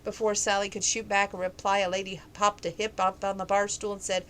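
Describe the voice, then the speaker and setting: A woman's voice: mid-range voice, little pitch movement, a little fast, a bit bright, slight background noise, low-quality recording. A woman casually reading a novel aloud, with slips and self-corrections. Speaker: reader.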